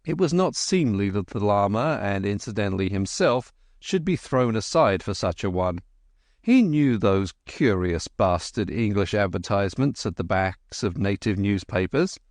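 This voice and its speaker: In studio-quality audio, a man whose voice sits on the low side reads a classic adventure novel aloud. His scripted audiobook narration is steady and evenly paced.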